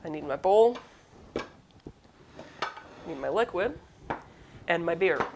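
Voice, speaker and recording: Speaking slowly with lively intonation in a lowish voice, a woman hosts a cooking demo, chatting casually and wandering off on asides while she cooks. This southern US cooking show host has a light Southern lilt mixed with Midwestern, and a little hiss or hum is audible.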